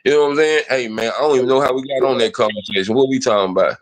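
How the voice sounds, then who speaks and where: A man's voice: medium pitch, racing, slight background noise. A man hosting a casual podcast, talking in a loose, slangy, rambling way with many fillers. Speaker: podcast host.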